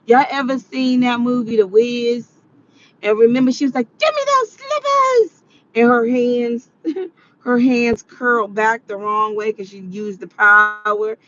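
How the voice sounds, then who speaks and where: A woman's voice: fairly high pitch, little pitch movement, a little slow, fairly bright tone, lo-fi sound. A tired woman vlogging to her viewers in a rambling, chatty monologue. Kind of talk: casual monologue.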